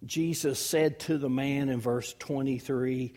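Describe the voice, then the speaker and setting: A man in his fifties preaching a sermon as pastor, swinging between loud emphasis and hushed, near-whispered lines. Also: mid-range voice, steady tone, a little slow. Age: 50s.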